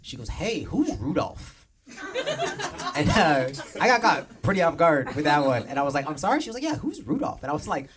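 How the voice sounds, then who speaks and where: A man performing a stand-up set on a club stage, telling a story with animated, indignant delivery. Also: on the high side, fairly quick. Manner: animated storytelling, gets loud and indignant in bits. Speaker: stand-up comedian. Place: comedy club stage with live crowd. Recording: live crowd audible. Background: crowd laughter.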